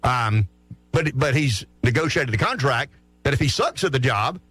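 A middle-aged man from South Carolina hosting opinionated sports talk radio, blunt and animated, often stammering and restarting his words. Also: medium pitch, moderate pace, slightly rough, no room sound, soft background music. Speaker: radio talk show host.

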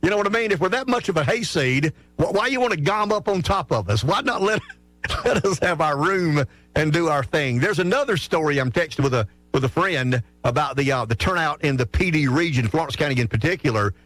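A man's voice: fairly high pitch, lively intonation, brisk, a bit bright, no room sound. A middle-aged man from South Carolina with a Southern accent, hosting a call-in radio show in a frank, folksy way, often restarting his sentences. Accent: Southern American. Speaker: radio talk show host. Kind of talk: opinionated call-in radio monologue. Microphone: studio microphone.

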